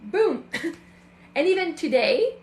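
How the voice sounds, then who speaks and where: A woman's voice: extremely high pitch, sing-song, slow, darkish tone. A woman in her thirties, hosting a show and speaking candidly in a personal, reflective monologue. She talks in a chatty way, with many fillers, and often quotes her own thoughts aloud. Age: 30s. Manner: candid, chatty, full of fillers and self-quoting. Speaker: show host. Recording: roomy echo.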